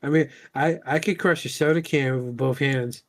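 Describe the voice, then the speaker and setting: A man's voice: medium pitch, normal speed, natural voice. A man voicing a tiny toy robot that boasts about how strong it is. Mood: boastful. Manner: mock-tough, boastful.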